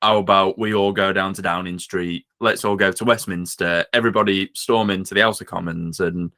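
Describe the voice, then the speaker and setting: A man's voice: low voice, fairly even intonation, brisk, sharp tone. A man putting on a middle-aged Cockney businessman's voice, mock-outraged and rabble-rousing. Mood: indignant.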